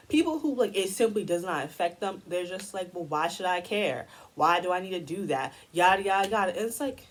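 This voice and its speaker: A woman's voice: on the low side, darkish tone, slightly rough, poor audio. A young woman ranting heatedly in a commentary video, profane and exasperated. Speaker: commentary YouTuber.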